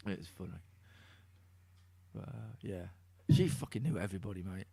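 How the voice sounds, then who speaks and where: With a deep voice and sharp tone, an East Midlands podcast host from Middle England chats casually, laughing frequently and swearing without fuss. Slight background noise can be heard.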